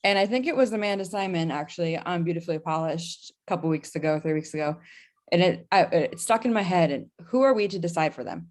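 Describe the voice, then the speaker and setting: A woman's voice: lowish voice, lively intonation, quick pace, a little mellow. A woman chatting casually in a group, direct and emphatic. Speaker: team member in a group chat.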